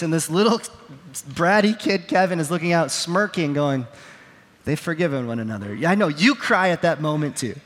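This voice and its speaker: A man's voice: sits high, a bit bright, long reverb tail. A man preaching a sermon from a stage with a microphone, telling stories with acted quotes in an earnest, self-deprecating way. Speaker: pastor. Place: on a stage in a large hall. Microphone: wearing a microphone.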